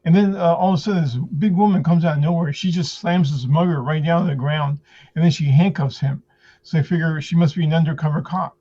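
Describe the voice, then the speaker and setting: A man doing stand-up jokes over a video call, halting with many fillers, clearing his throat and giggling at his own lines. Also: on the high side, fairly even intonation, warm tone. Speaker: stand-up comedian. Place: at home in front of a green screen. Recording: muffled lo-fi video call audio.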